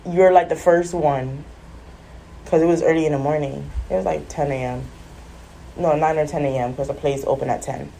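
A woman tells a funny everyday story in a relaxed vlog, animated and quick to act out the voices of others. Her voice sits somewhat low, with a warm, mellow tone. She breaks into laughter often. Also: vocal fry, slight background noise.

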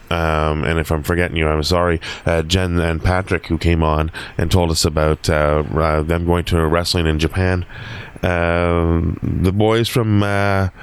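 A podcast host with a low, clear, resonant voice chats casually. He rambles, using lots of fillers and restarting sentences often.

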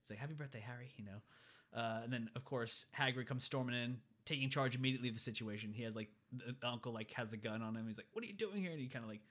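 A man casually recapping a movie with a co-host, animated and acting out characters in exaggerated voices. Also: medium pitch, fast. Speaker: podcast co-host.

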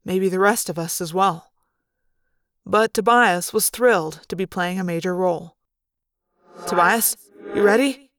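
A woman's voice: fairly low pitch, normal speed, dry recording. Woman reading a story aloud, dry close voice. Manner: expressive first-person storytelling. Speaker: audiobook reader. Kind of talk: fan read-aloud narration.

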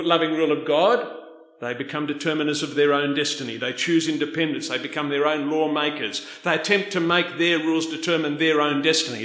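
A man delivers a sermon with emphatic bursts and then drops into hushed asides. His voice sits a bit high for a man. The sound carries a noticeable room echo. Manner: emphatic, rising and dropping between loud stresses and soft asides. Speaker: preacher.

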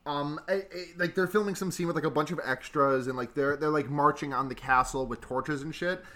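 A man's voice: a little high, a little fast, bright, forceful tone. A man co-hosting a casual film chat, joking and rambling with many restarts.

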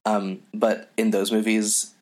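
Man, very deep voice, podcast co-host, casual chat, hesitant, halting, many fillers. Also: monotone, a little mellow. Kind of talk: casual discussion of a comic.

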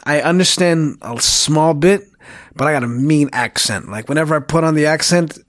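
A man in his thirties, an animated storyteller in casual chat who swears a lot and uses many fillers. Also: fairly high pitch, moderate pace, no room sound, clean studio sound.

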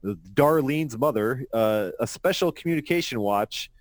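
A man's voice: mid-range voice, animated, moderate pace, dry recording. A man co-hosting a casual comedy chat, joking about a comic book and reading its lines aloud. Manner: jokey, reads comic panels in put-on voices. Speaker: podcast co-host.

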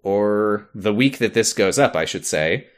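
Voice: deep voice, lively intonation, a little slow. A podcast co-host in casual chat, making dry, wry asides.

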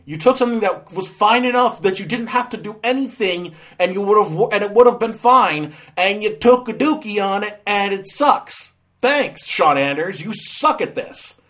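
A man giving a casual movie review, sarcastic and ranting, with loud exasperated outbursts. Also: on the high side.

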